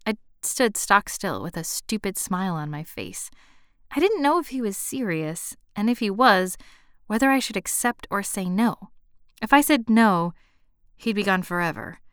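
Expressive woman narrator for a romance audiobook; smooth, dry, close sound. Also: mid-range voice, normal speed, no echo. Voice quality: expressive, lively storytelling. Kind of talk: first-person story reading.

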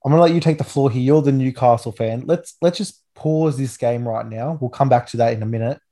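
An Australian man in his twenties hosts a podcast with casual rugby league chat. His mid-range voice is warm and fairly quick, and his enthusiastic talk rambles with frequent restarts.

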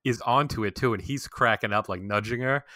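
A man's voice: mid-range voice, no room sound. A man in casual chat, animatedly retelling scenes and quoting characters with laughs. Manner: fast, animated retelling with quoted lines and laughs. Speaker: podcast co-host recapping a show.

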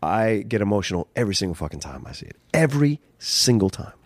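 A man co-hosting a casual podcast who swears a lot and reacts loudly. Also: fairly low pitch, very animated, fast talker. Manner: swears freely, reactive and joking. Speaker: podcast co-host. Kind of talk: casual film discussion.

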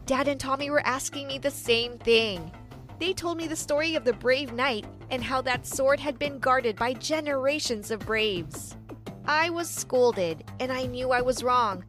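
High-voiced woman narrating a story. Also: unhurried, a bit bright, soft background music. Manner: dramatic storytelling, quotes voiced lightly. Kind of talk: first-person story narration.

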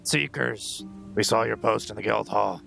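A man's voice: lowish voice, a little slow, gravelly, pushed and bright, faint music behind. A man playing a tabletop game in character, blunt and joking. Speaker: player.

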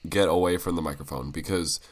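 A man's voice: deep voice, fairly even intonation, brisk. A sick young man co-hosting a casual podcast chat, playful and emphatic, with audible breaths into the microphone. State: sick, congested. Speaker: podcast co-host.

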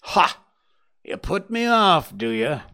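A man voicing a furious, menacing old doctor who snarls threats in a slow, loud voice. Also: a little high, sing-song, pitched above the performer's own voice, full character voice. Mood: threatening. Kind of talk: dramatic audiobook reading.

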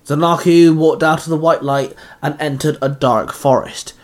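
A man reading a fan fiction story aloud in a steady, even narration. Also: on the high side, moderate pace.

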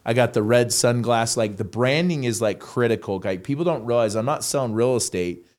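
Animated storytelling man, slangy. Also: mid-range voice, brisk. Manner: animated, slangy, acts out quotes. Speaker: podcast guest, real estate agent. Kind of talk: casual storytelling interview.

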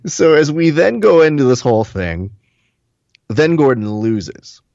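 A man co-hosts a relaxed podcast, reading out comments with wry asides. His voice is recorded close and dry, with a slightly muffled, dull tone. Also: fairly high pitch, measured pace, vocal fry, dry recording. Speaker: podcast co-host. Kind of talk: casual podcast chat.

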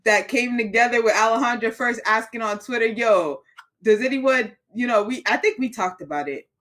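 A woman with a fairly high voice co-hosting a casual podcast. Her talk is loose and slangy, jumping up and down in pitch and loudness as she riffs. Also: normal speed. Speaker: podcast co-host. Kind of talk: casual chat.

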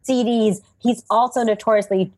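A woman, a comedian guest and mother, telling a story in casual, animated comedic chat. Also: fairly high pitch, normal speed. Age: adult with young children. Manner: animated, acts out people in her stories.

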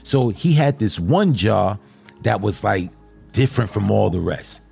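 An earnest male host talking casually and encouragingly to his guest, often restarting and repeating his phrases. His voice is low and gravelly, and faint music runs underneath. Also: animated, unhurried, warm tone. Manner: repetitive, earnest, encouraging, addresses guest as brother. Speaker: show host. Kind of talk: casual interview chat.

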